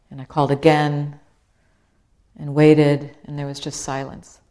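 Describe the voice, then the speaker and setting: A middle-aged woman tells her own story to listeners, an author whose voice sits a little low for a woman. She builds tension with repeated phrases and shifts her delivery freely between moods. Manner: animated storyteller, acts out quoted voices. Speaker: author and speaker. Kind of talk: storytelling talk.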